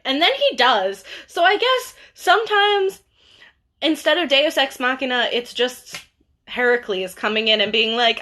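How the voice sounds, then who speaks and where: A woman's voice: high voice, animated, measured pace, sharp tone. A young woman, a bookseller, chatting casually about books on a livestream, full of fillers and asides. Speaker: bookseller hosting a book talk.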